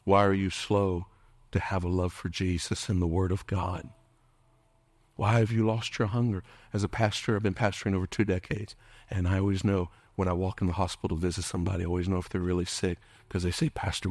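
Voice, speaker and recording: A middle-aged man preaching a fiery sermon in a fairly low voice, recorded close and dry. He calls out to his congregation for responses and swings between strong declarations and hushed whispers. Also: little pitch movement, a little fast, no room sound. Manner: impassioned preaching, dropping at times to a hushed whisper. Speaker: pastor.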